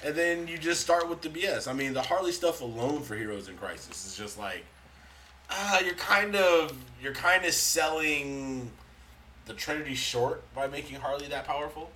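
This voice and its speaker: A man's voice: fairly high pitch, animated, moderate pace, sharp tone. A man co-hosting a casual podcast chat, laid-back and dry, arguing his points. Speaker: podcast co-host. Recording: distant mic, faint noise.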